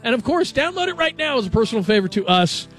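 A male sports radio host in a radio studio, talking in a chatty, animated and jokey way. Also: very high voice, quick pace, faint music behind. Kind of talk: casual sports talk.

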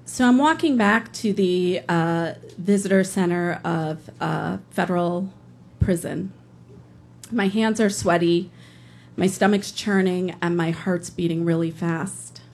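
A woman's voice: fairly low pitch, takes it slowly, a little mellow, slight background noise. A woman telling a personal story live on stage, earnest, with some hesitations. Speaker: storyteller, public defender.

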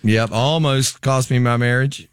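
A man, a musician guest, telling a funny story in a quick, self-deprecating way. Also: medium pitch, steady tone, clear, resonant tone, no room sound, clean studio sound. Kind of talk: casual chat.

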